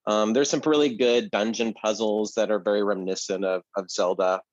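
A man's voice: fairly low pitch, fairly even intonation, fairly quick, dry recording. Guy rambling on about a game, lots of ums, dry kinda dull sound. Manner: rambling, many fillers and restarts. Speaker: podcast co-host. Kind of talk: casual chat about video games. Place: apartment.

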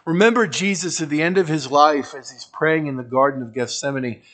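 A man preaching an expository sermon in a conversational way, dropping wry humorous asides and moving between emphatic bursts and quiet trailing phrases. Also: on the high side, a little fast. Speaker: pastor.

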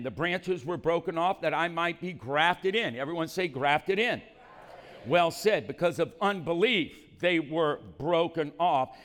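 A male pastor preaching a sermon, moving between calm scripture reading and loud, shouted exhortation in a church. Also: on the high side, long reverb tail. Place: church hall.

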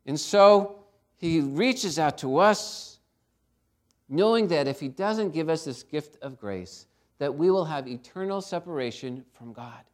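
A man's voice: fairly high pitch, animated, measured pace. A man preaching a sermon, emphatic, asking his listeners for responses. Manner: emphatic, calls for congregation responses.

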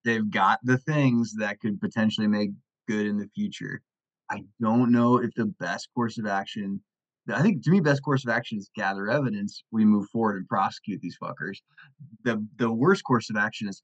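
A man's voice: lowish voice, normal speed, no echo, highs cut off. A man arguing a point on a podcast over a video call, laughing as he talks and hedging as he goes. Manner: laughs mid-sentence, hedges and restarts while arguing a point. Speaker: podcast panelist.

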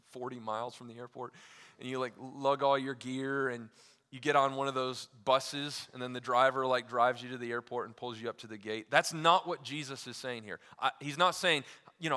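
A male pastor delivers a sermon with a bright, forceful voice that carries through a big echoing sanctuary. He pushes hard on key phrases, then drops nearly to a hush, and slips into loose, chatty asides. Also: mid-range voice. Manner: emphatic preaching with wide swings in loudness, dropping to near-quiet for key lines; casual asides with fillers like "like" and "you know".

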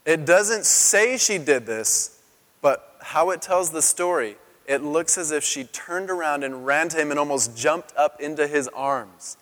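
A man in his thirties preaching a sermon as a pastor, telling the story in an animated way and acting out the quotes in a raised voice. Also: a little high, measured pace. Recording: long hall reverb.

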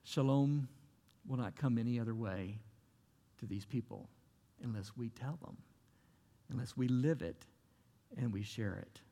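A man preaches in an earnest, conversational way, circling back to key phrases. His mid-pitched voice has a gravelly, fried edge. A long hall reverb trails after each phrase. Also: unhurried, pauses often, mellow. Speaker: pastor. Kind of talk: sermon.

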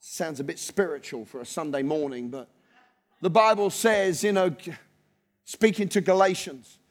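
A man's voice: high-pitched, expressive, normal speed. A man preaching a fervent sermon as pastor, building his points through rhythmic, repeated phrases. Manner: impassioned preaching with rhythmic repetition.

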